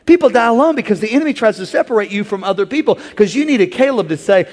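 High-voiced man preaching in a reverberant hall. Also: very animated, racing, few pauses. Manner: call-and-response preaching, rising to shouts. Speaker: pastor. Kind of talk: sermon. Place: large church auditorium.

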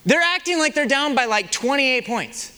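A man's voice: extremely high pitch, normal speed, long reverb tail. A young man preaching a sermon, telling stories and asking the congregation rhetorical questions. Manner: animated storytelling with rhetorical questions. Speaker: pastor.

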